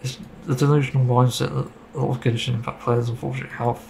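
A man's voice: mid-range voice, little pitch movement, fast talker, vocal fry, darkish tone, slight background noise, rough recording. A man giving a casual, rambling opinion monologue about a game, getting frustrated and swearing casually. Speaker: gaming video creator.

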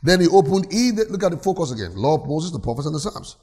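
A man's voice: a little high, very animated, quick pace, darkish tone, breathy edge. Preaching man with a raised voice. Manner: preaches with call-and-response, reads scripture aloud. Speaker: pastor. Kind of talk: sermon. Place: church.

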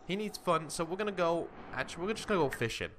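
A young gaming commentator casually narrates his life-simulation game in let's-play style, chatting to his character as he plays over game music. His voice is a little high and fairly bright, with lively intonation and a quick pace.

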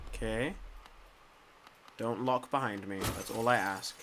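A young man giving casual let's play commentary, rambling, swearing freely and talking to the screen, muttering quietly and then breaking into loud excited outbursts. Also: on the low side, slow pace, background noise. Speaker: gameplay commentator.

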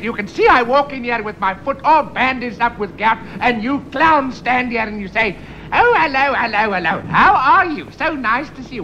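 A man's voice: high voice, dull audio. An actor playing a grumpy middle-aged man with gout who rants and flares up, in a 1970s radio comedy. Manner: indignant ranting, flaring into shouts. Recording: hissy old radio tape.

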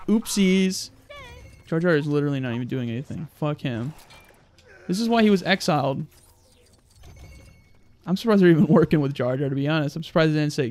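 Loud, crude young man gaming. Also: on the high side, a little fast, vocal fry, no room sound. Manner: loud, crude, excitable, yelling at the game. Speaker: gaming YouTuber. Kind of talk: let's play commentary.

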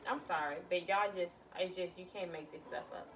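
A woman's voice: fairly low pitch, a little fast, recorded from a distance, noisy background. A woman doing a casual tarot reading, blunt and exclamatory, swearing freely as she lays out cards. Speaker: tarot reader.

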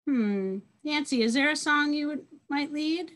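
Woman emcee, school video call, high, slow and upbeat. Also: a bit bright. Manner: upbeat, introduces each song leader. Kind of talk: casual emcee introductions.

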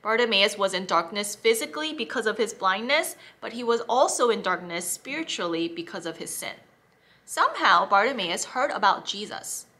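A woman teaching children, reading a Bible story in an expressive, animated way. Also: mid-range voice, moderate pace.

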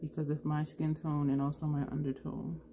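A beauty vlogger with a low-pitched, warm voice talks briskly in a level tone as she chats through a makeup tutorial. She thinks aloud and corrects herself along the way, with slight background noise in the clip.

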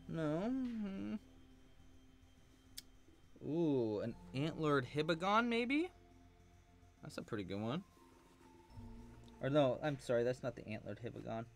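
Chatty man teaching crochet on a live stream. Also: medium pitch. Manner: chatty, rambling, many fillers.

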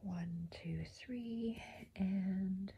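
A woman giving a step-by-step embroidery tutorial at home, softly counting her stitches aloud and often dropping to a half-whisper. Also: medium pitch, very slow, slightly rough, highs cut off. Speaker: embroidery instructor.

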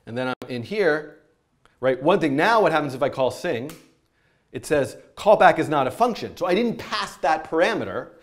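A man teaching programming while coding live, thinking aloud in an animated, rambling way and laughing at his own slips. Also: on the high side, normal speed.

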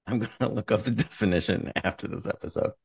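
Deep-voiced joking male podcast co-host. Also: fast talker, creaky, husky, no room sound, clean studio sound, recorded from a distance. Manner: playful, joking banter.

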